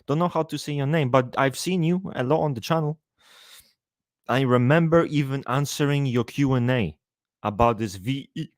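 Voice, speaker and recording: Guy rambling on his live stream, cursing and joking, regular pitch, dead dry sound. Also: normal speed, dry recording. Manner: profane, joking, reads out viewer names. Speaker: livestream host. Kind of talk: casual livestream chat.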